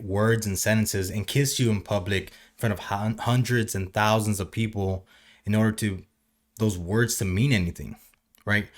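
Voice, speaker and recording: A man's voice: fairly low pitch, a bit bright. A man hosting a casual podcast, talking conversationally and posing rhetorical questions. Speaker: podcast host.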